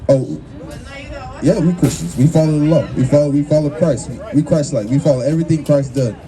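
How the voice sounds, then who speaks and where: A male street preacher delivers his message in a forceful, confrontational way, repeating words and filling gaps with fillers. A crowd is clearly audible around him. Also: fairly high pitch, expressive, a little fast, soft background music. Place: outdoors on a busy street. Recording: busy street crowd noise.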